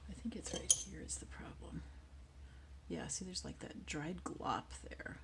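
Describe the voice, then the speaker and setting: A woman's voice: on the low side, very animated, unhurried, gravelly, heavy background noise. Chatty woman muttering through a craft tutorial. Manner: chatty, thinks aloud while working, drops to mutters.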